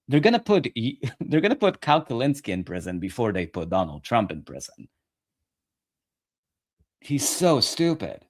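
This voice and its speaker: A man's voice: mid-range voice, a little mellow. Male political commentator ranting on camera, sarcastic and profane.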